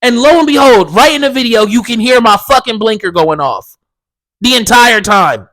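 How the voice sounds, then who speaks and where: A man's voice: extremely high pitch, expressive, normal speed, a bit bright. A young man ranting profanely as a solo podcast host.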